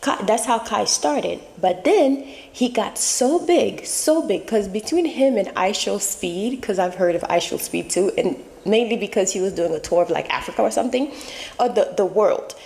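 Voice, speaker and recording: A woman's voice: mid-range voice, animated, normal speed, creaky, darkish tone, in a large hall. A woman hosting her channel, talking casually and emphatically in a rambling way while she is losing her voice. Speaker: channel host. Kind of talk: casual commentary.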